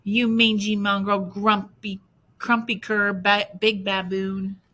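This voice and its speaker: A woman voicing a bold talking female dog who scolds loudly and emphatically. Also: fairly low pitch, animated, slow pace, husky, exaggerated voice. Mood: frantic.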